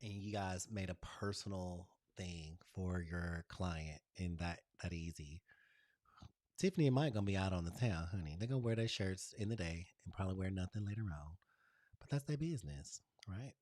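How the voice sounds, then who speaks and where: A man's voice: low voice, expressive, moderate pace, a little mellow, no echo, clean studio sound. A man hosting a casual design tutorial, chatting to viewers in a gushing, playful way. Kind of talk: casual screen-share tutorial.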